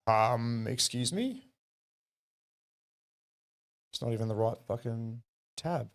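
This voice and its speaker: An Australian man hosting a livestream, talking in a rambling, excitable and profane way. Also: medium pitch, slow pace, dry recording. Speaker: livestream host. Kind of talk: casual livestream commentary.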